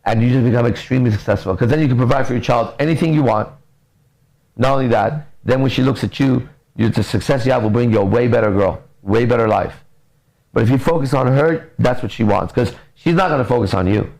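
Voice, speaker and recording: A man's voice: mid-range voice, quick pace, gravelly, rough recording. A man coaching on relationships in a blunt, profane, casual podcast talk. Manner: blunt, profane, lively storytelling.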